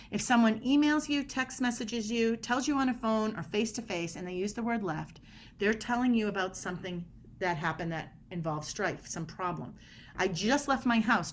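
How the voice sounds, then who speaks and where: A woman's voice: mid-range voice, a little hiss or hum. A middle-aged woman guest on a podcast interview, explaining body language in an emphatic way and acting out quoted dialogue.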